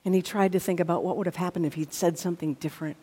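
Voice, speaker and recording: A woman's voice: on the low side, steady tone, rapid-fire, mellow, husky. A woman preaching a sermon, reading scripture and then speaking earnestly, building to emphatic intensity. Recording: long reverb of a large hall.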